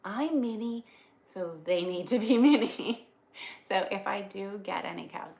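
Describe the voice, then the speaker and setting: A woman's voice: mid-range voice, unhurried, vocal fry, darkish tone. A woman from the Northeast US, live-streaming and chatting casually with viewers, with frequent fillers and restarts. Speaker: livestreamer. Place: indoors on a farm, rainy day.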